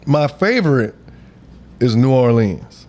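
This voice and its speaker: A young adult man co-hosting a podcast in casual, joking banter, animated and repeating phrases for laughs. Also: medium pitch, takes it slowly. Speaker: podcast co-host.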